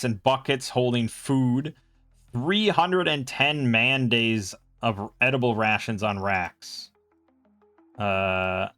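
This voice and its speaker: A man's voice: medium pitch, fairly bright tone. A man playing a solo tabletop role-playing game, reading out rules and rolls and thinking aloud in a casual way.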